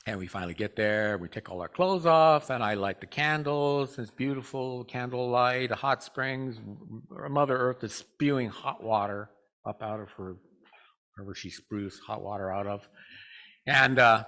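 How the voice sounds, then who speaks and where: A man giving a Sunday talk to a spiritual community. He tells a personal story in a relaxed, rambling way, stops often on "uh", and speaks directly to the congregation. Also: mid-range voice. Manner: relaxed, rambling, with frequent "uh" pauses.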